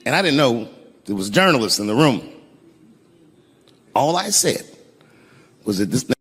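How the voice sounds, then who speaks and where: Animated stand-up comedian man. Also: mid-range voice, normal speed. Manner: animated, shouting the punchlines. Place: large live venue. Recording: echoey live hall, audience laughter.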